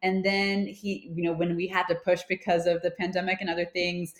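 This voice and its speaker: Lowish-voiced woman, chatty, lots of um and like, echoey room. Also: flat delivery, brisk. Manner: chatty, many fillers and restarts. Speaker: film producer, guest. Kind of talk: casual interview chat. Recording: roomy echo.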